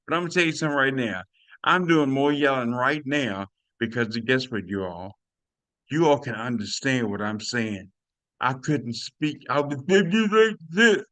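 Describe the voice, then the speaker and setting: Older man, animated testimonial, bright tone, dry close sound. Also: medium pitch, moderate pace, no room sound. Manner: animated, preachy, addresses listeners as y'all. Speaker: testimonial speaker. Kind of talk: excited personal testimony on a video call.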